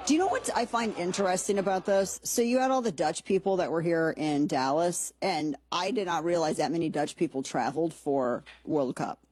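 A woman hosts a casual commentary show, wandering off into sarcastic asides as she goes. Her voice sits a little low and has a husky edge. It is recorded close and dry, with no room echo. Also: darkish tone. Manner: chatty, sarcastic, rambling asides.

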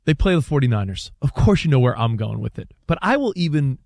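A man co-hosting a sports talk show, excitedly walking through a team's schedule in casual debate. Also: mid-range voice, fast talker, creaky, no room sound, studio quality.

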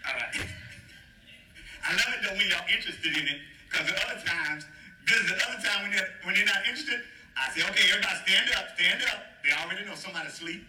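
A man preaching a sermon as pastor, animated and playful, calling out to the congregation for responses. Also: high-pitched, quick pace. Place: church. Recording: echoey room, faint noise.

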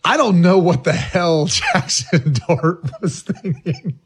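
A man co-hosting a casual sports talk show, laying out his opinion in an easy, meandering way. His voice is husky and sits a little high. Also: big pitch swings, takes it slowly. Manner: laid-back, reasoning aloud with fillers.

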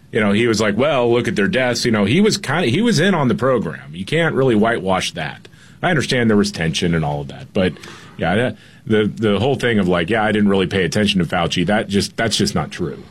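A male co-host on a talk show, sarcastic and quick to laugh. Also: on the low side, husky. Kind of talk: casual political talk show.

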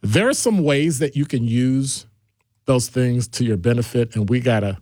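A middle-aged man hosting a casual call-in radio show, talking in a digressive, animated way. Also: moderate pace, no room sound, clean studio sound. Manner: animated, digressive, jumps between deep and high voices. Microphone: studio microphone.

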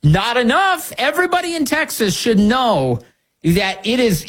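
A man's voice: very high voice, big pitch swings, a little slow, a bit bright. A man hosting a political commentary show, talking emphatically and sarcastically, firing off rhetorical questions.

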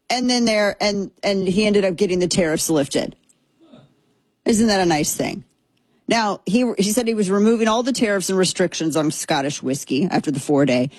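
A woman's voice: medium pitch, lively intonation, moderate pace, darkish tone, dry recording. A woman hosting a casual political commentary show, talking conversationally with restarts, asides and a wry tone.

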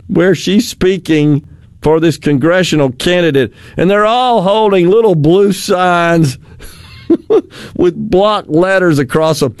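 A male radio talk show host on a studio microphone, chatting in an animated, sarcastic way and laughing often. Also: high voice, unhurried, no echo.

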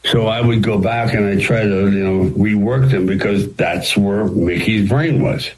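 Deep-voiced male guest, rambling storyteller, interview. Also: unhurried, rough recording. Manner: animated, rambling anecdotes with frequent restarts. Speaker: actor and screenwriter guest.

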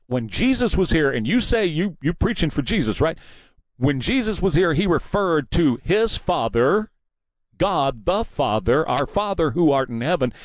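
A combative man hosts a political commentary monologue, preachy and mocking in tone. His pitch swings widely as he pushes his points, and the recording is close and dry. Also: no echo. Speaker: talk show host.

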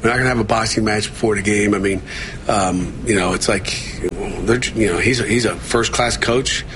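A man speaks as a football coach at a press conference, with a lowish voice. He halts often, restarts his sentences and fills the gaps. The clip played on air carries clear background noise. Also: steady tone. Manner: halting, many fillers and restarts.

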